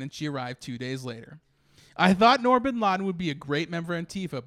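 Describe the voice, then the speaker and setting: A man co-hosting a comedy podcast, telling an absurd story in a deadpan, mock-serious way. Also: on the high side, no echo. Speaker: podcast co-host.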